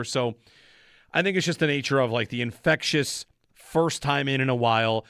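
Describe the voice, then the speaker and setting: A man's voice: medium pitch, moderate pace, a bit bright, clear, resonant tone, no room sound, studio quality. A man hosting a sports radio show, talking in a conversational, analytical way. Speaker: radio host. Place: radio studio. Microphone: studio microphone.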